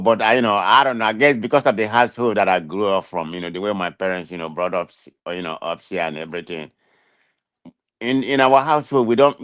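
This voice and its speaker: A man's voice: lowish voice, no room sound, studio quality. A man with a thick Nigerian accent and a nasal voice, chatting on a talk show and defending himself with lots of restarts. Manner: defensive, animated, restarts often. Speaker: guest. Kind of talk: casual chat. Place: America.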